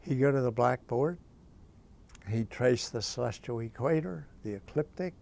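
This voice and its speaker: A man's voice: mid-range voice, moderate pace, gravelly. An older man, a priest, telling a chatty anecdote about a teacher, with many asides. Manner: lively, chatty, full of asides. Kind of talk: anecdotal storytelling.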